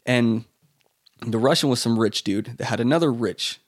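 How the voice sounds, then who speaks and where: A man's voice: mid-range voice, moderate pace. A man as a podcast guest, talking loosely with lots of fillers and restarts. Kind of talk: casual conversation.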